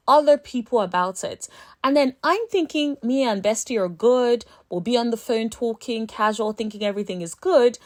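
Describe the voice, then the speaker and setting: A woman giving casual commentary as a reality TV recap vlogger, telling stories in an animated way and acting out other people's lines. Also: on the high side. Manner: animated storytelling, acts out friends' voices.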